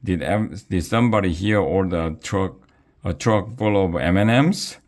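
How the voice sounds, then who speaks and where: A man's voice: low voice, normal speed, lightly acted. A man voicing a truck driver who hollers a delivery. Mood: hollering.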